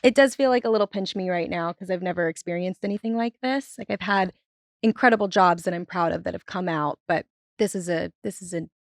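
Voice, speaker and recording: A woman's voice: on the low side, a little fast, no room sound. Chatty young woman guest, dry sound. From Tennessee. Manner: chatty, lots of "like" and restarts. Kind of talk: casual podcast interview.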